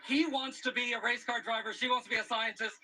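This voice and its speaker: High-voiced emotional male correspondent. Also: little pitch movement, quick pace, sharp tone, slight background noise, rough recording. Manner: emotional, laughing through words. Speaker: news correspondent. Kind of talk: live field report. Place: outdoors at an eclipse crowd.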